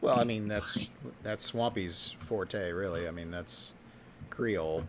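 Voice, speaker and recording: A man's voice: sits low, unhurried, a bit bright. Blunt man chatting, faint hiss behind. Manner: blunt and crude, swears freely. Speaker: podcast co-host. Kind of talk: casual chat.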